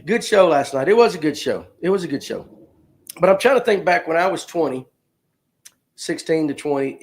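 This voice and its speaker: A man, hosting a casual live stream, joking and reading viewer comments aloud. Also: mid-range voice. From Georgia, US. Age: 50s. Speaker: livestream host.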